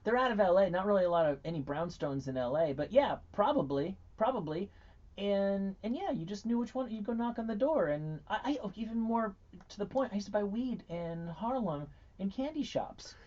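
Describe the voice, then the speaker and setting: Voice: medium pitch, animated, a little fast, a little mellow, highs cut off. A radio co-host telling stories in a laid-back, chatty way and laughing easily. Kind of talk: casual radio chat.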